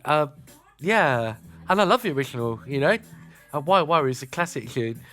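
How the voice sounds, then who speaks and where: This man's voice is a little high and sharp in tone, animated and at normal speed, over soft background music. He's a casual radio host chatting between songs in a southern English accent from Kent and Sussex, South East England, with many "uh" fillers.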